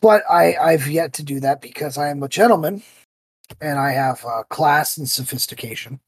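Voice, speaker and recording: A man hosting a podcast, telling stories in a casual, animated way and acting out the voices he quotes. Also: fairly high pitch, normal speed, husky. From United States. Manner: animated storyteller who acts out quoted voices. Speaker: podcast host.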